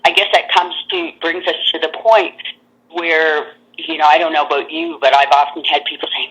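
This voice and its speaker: A woman speaks thoughtfully over a phone line, pausing and restarting as she works through her ideas. Her tone is bright, and the sound is thin and phone-like. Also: low voice, fairly even intonation. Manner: hesitant, reflective, many fillers and restarts. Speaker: reader, guest. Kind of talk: casual chat over a call.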